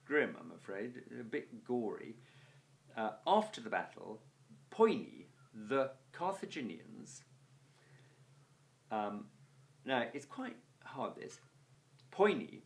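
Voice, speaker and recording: A man teaching a Latin lesson, reading phrases aloud and translating them bit by bit with chatty, lightly humorous asides. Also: mid-range voice. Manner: chatty asides with gentle humour. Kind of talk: recorded language lesson, translating line by line.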